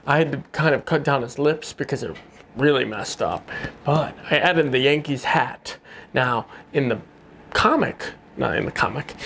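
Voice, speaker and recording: A man's voice: on the high side, slight background noise. A man in his studio, talking casually and rambling with jokey asides while he paints. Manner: rambling, loose, lots of "like" and restarts, jokey asides. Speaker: painter and video host. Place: art studio.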